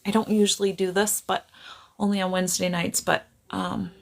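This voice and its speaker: A woman psychic medium talks loosely to her livestream audience, and her voice has a gravelly, creaky edge. She laughs often, apologizes again and again and drifts off her point. She sits at a medium pitch for a woman, speaking to a camera on a tripod. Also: level tone, normal speed. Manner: laughs often, keeps apologizing, easily sidetracked. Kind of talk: casual livestream chat.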